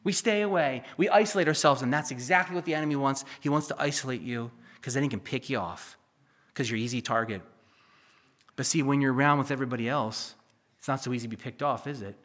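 A male pastor preaching a sermon, building to emphatic peaks and then dropping to quiet, confiding asides. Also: mid-range voice, fast. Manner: preachy, rises to near-shouting then drops to a hush.

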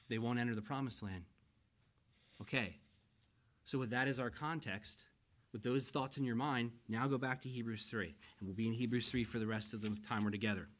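A pastor preaching a conversational sermon. He reads scripture slowly and with emphasis, then explains it and asks the listeners questions. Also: medium pitch, a bit bright.

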